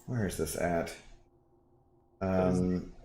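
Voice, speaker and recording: A man's voice: deep voice, fairly even intonation, very slow, dark tone, echoey room, slight background noise. A man from the West Coast of the US chatting casually during a gaming stream, laid-back and laughing often, with sentences that trail off. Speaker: guest gamer and channel mod.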